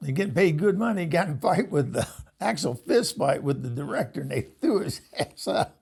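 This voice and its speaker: An older man with a gravelly, husky voice rambles through anecdotes, chuckling as he goes. He slips into other people's voices to act out what they said. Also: fairly high pitch, big pitch swings, a little fast, darkish tone. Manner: rambling, laughs often, acts out quoted voices. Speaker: host. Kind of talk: casual storytelling monologue.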